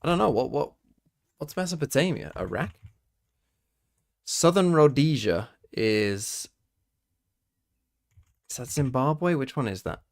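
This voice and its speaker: A man's voice: medium pitch, lively intonation, slow pace, gravelly, pauses often. Young British guy streaming, keyboard clicks behind, casual and sweary, thinks aloud. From Britain. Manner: swearing, quizzing himself aloud and talking to chat. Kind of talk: casual live-stream chat.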